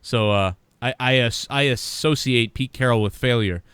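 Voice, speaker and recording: A man's voice: mid-range voice, normal speed, clean tone, no room sound. A man co-hosting a casual comedic podcast chat, riffing and laughing as he talks. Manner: laughing, riffs with loud mock voices. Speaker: podcast co-host.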